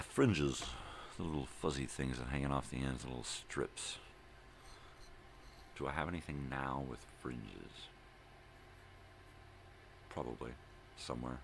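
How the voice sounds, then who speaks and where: An older man hosting a morning vlog, chatting in a slow, drifting, rambling way, drowsy from cold medicine. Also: extremely low pitch, vocal fry, a bit bright, a little hiss or hum. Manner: slow, drifting, full of fillers and wordplay. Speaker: vlog host.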